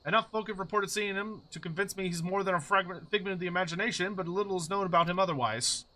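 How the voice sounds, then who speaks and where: A man voicing a wary merchant who passes on rumors in measured, old-fashioned talk, reading game dialogue aloud. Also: high voice, sharp tone, low-quality recording.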